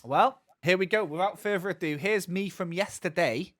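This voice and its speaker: A man's voice: sits high, normal speed, a bit bright, dry recording, clean studio sound. A man co-hosting a gaming podcast, talking casually and rambling with lots of restarts and asides. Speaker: podcast co-host. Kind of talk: casual chat.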